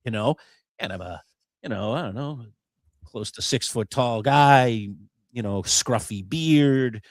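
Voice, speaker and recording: A man's voice: medium pitch, a little slow, no room sound, clean studio sound. Storytelling man. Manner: storytelling, many fillers. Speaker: co-host. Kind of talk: live podcast chat.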